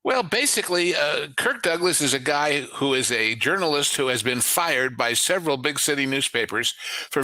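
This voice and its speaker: A man co-hosting a film podcast, telling anecdotes and summing up a plot, often pausing on fillers. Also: fairly high pitch, pushed and bright, no room sound. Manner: anecdotal, storytelling with filler words. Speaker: podcast co-host. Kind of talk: casual podcast chat, film synopsis.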